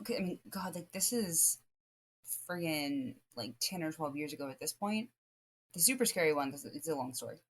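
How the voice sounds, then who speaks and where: Female podcast guest, deep voice, lively, chatty storyteller with lots of fillers. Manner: lively, rambling storytelling full of "like" and restarts. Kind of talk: casual podcast chat.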